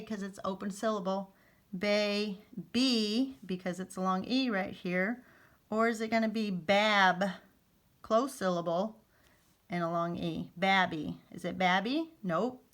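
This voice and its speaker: A woman's voice: medium pitch, a bit bright. Chatty woman teaching phonics. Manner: chatty, repeats key points, asks "okay?". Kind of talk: phonics lesson for parents.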